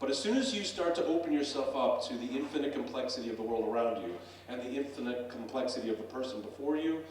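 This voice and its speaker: A man's voice: medium pitch, a little mellow, a little hiss or hum. A middle-aged man, a professor, gives an earnest, conversational public talk from a stage with frequent fillers. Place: stage in a hall. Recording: echoey hall, voice from a distance.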